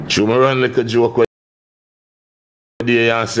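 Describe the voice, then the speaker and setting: A man with a Jamaican accent chatting on a casual livestream, playful and teasing, sometimes dropping into a low murmur. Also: level tone, slow, long pauses, a bit bright. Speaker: livestream host.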